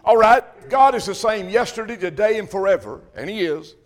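Preacher, man, high-pitched, fervent and repetitive, pulpit sermon. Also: animated, a little fast. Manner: emphatic, repetitive, rising to shouts. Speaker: Baptist preacher.

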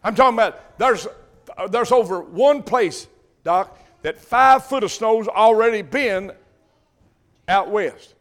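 An older man, preaching a sermon with impassioned bursts of loudness on key words. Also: sits high, slow. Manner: impassioned preaching, swells loud on emphasis. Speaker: pastor.

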